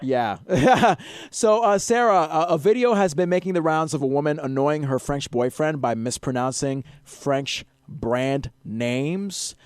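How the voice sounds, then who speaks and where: Male radio host, tipsy and jokey, high-pitched, dry close mic. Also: unhurried, smooth, dry recording. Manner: chatty, tipsy, joking. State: slightly drunk. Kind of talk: casual chat.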